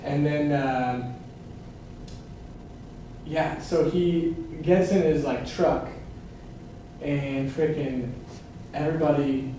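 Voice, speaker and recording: A young man tells a personal story in a casual, rambling way, laughing often between fillers. His voice sits fairly high and rings around an echoey stage. It is picked up from far off over steady room noise. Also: slow, pauses often. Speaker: improv show guest storyteller.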